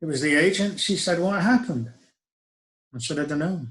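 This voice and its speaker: A man's voice: on the high side, fast, fairly bright tone, low-quality recording. A middle-aged man, telling a personal story in a reflective, wry way with hesitant restarts. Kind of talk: first-person spoken storytelling.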